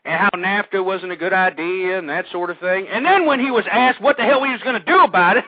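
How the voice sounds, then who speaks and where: A man hosting an internet talk radio show, speaking in a rambling monologue that stumbles over repeated words and turns loud and heated. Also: high voice, quick pace, no room sound. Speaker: radio host. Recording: tinny phone-line sound, dry.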